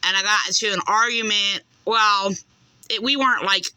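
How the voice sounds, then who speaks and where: A woman's voice: medium pitch, fairly even intonation, normal speed, bright, forceful tone, smooth, dry recording. A woman with a Southern accent, making a complaint on a phone call and rambling through accusations with many hesitations.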